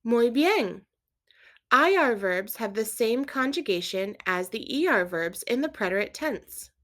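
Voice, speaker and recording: A woman teaching a Spanish grammar lesson, patiently explaining verb endings and quizzing the listener in a clear, steady way. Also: on the high side, a little slow. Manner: clear, patient instruction with quiz prompts. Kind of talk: scripted language lesson.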